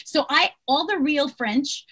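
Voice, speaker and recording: A middle-aged woman, an actress guest, chatting casually over a video call, lively and full of fillers and restarts. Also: high-pitched, a little slow. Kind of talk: casual interview chat.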